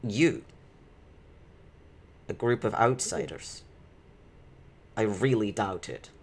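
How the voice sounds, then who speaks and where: A man voicing an impatient, desperate male dark elf who pleads and snaps in exasperation during a tabletop game. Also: fairly low pitch, animated, slow, vocal fry, slightly rough, exaggerated voice. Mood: scornful.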